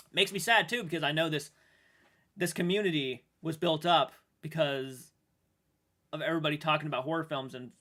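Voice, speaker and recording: A man streaming live and chatting with viewers, emotional and halting, restarting sentences and swearing now and then while sounding shaken. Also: fairly high pitch, pushed and bright. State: shaken and upset. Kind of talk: livestream chat with viewers.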